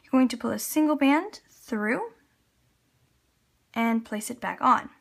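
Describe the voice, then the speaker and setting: A woman's voice: on the high side, lively intonation, a little slow, vocal fry, a bit bright, slightly rough. A woman with a Canadian accent, chatting casually as she talks viewers through a loom craft step by step. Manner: chatty, talks while working with hands, little laughs. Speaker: loom tutorial host. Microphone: camera on tripod at table.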